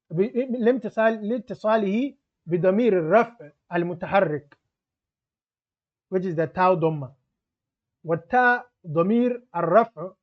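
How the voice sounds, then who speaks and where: In a somewhat muffled, lo-fi recording, a man with a high voice teaches grammar patiently, taking each example one step at a time and mixing English with Arabic grammar terminology.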